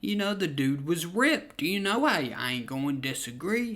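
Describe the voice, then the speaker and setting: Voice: medium pitch, very animated, takes it slowly, fairly bright tone. A young adult, telling a story in a casual, profane, laid-back way. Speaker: vlogger.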